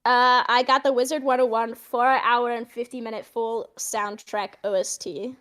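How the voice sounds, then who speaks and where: A woman's voice: on the high side, steady tone, normal speed, a bit bright. A woman running a tabletop game as game master, chatty and describing scenes with many fillers. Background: faint background music.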